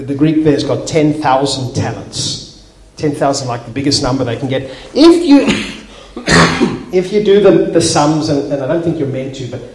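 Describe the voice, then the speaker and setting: A man preaching a sermon as a pastor, acting out little everyday scenes as he tells them. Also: mid-range voice. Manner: animated storyteller acting out little scenes, with some restarts. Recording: echoey hall, faint noise.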